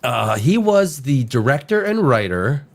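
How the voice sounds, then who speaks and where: A podcast host with a cold talks in a loose, rambling way. His pitch swings widely as he jumps between chatter and reading news stories aloud, with the odd casual curse. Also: unhurried, creaky. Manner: animated, rambling, swears casually. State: has a cold.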